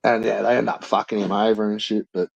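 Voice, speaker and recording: A man's voice: fairly low pitch, little pitch movement, fast, gravelly, lo-fi sound. An Australian man in casual chat, telling rambling, sweary stories full of "like".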